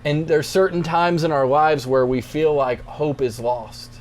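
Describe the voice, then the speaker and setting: Young youth pastor guy doing a chill devotional, voice a bit on the high side, faint hiss behind. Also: unhurried. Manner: relaxed, conversational, plainspoken encouragement. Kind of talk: devotional talk, scripture reading then explanation.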